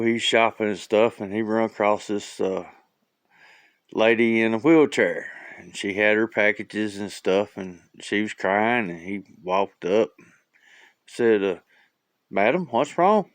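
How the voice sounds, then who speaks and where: A man's voice: fairly low pitch, fairly even intonation, unhurried, smooth, no echo. A man casually telling a long joke in a rambling way, with lots of uhs. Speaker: joke teller.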